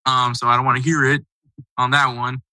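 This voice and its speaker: A man's voice: mid-range voice, level tone, fairly quick, pushed and bright, no echo, low-quality recording. A man hosting a casual sports podcast, talking in a loose, rambling, conversational way. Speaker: podcast host.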